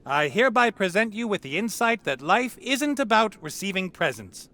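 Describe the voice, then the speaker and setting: A man's voice: sits high, big pitch swings, moderate pace, sharp tone, full character voice. A man voicing a sly young adventurer posing as a hatter in a video game, teasing and mock-gallant. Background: game music.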